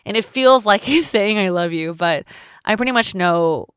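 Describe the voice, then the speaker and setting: A woman's voice: medium pitch, lively intonation, normal speed, smooth, no echo, studio quality. A young adult woman hosting a personal podcast, talking candidly and a little emotionally, often restarting her sentences. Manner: candid and tender, with frequent restarts. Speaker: podcast host. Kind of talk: personal reflective podcast talk.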